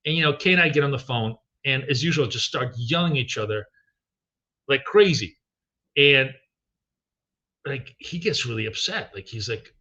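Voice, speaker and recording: A man's voice: mid-range voice, lively intonation, normal speed, bright, forceful tone, muffled recording. A middle-aged man hosting a live trading stream, chatting casually and rambling with many ums and restarts.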